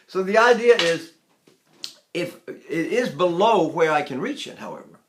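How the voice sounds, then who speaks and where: An older man leads a singing lesson, talking in a slightly high voice. He is enthusiastic and demonstrative, stopping often to sing short staccato vowels and show gasping breaths. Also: animated, a little slow, a little hiss or hum. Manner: enthusiastic, demonstrative, breaks into sung vowels and gasps. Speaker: voice teacher. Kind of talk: vocal lesson with sung demonstrations.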